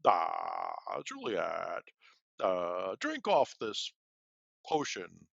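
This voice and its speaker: A man putting on the voice of a sinister old apothecary, slow and theatrical. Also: low-pitched, wildly swooping pitch, gravelly, a bit bright, no room sound, muffled recording, full character voice. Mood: ominous.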